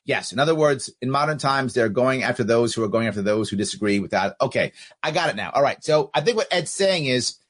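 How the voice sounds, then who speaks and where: Husky, lively-voiced man arguing a point. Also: medium pitch, fairly quick. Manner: argumentative, rhetorical questions, acts out both sides. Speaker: podcast host. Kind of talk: live podcast commentary reading listener comments.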